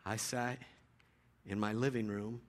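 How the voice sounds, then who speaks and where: A man pastor giving a sermon in a relaxed storytelling way, with frequent restarts. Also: fairly low pitch, unhurried.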